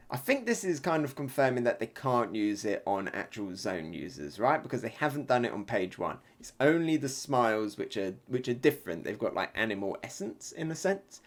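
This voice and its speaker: Reacting live to a comic chapter, a man reviews it while reading panels aloud, laughing often and getting excited at the big moments. His voice is medium-pitched, his speed normal, and he pauses little.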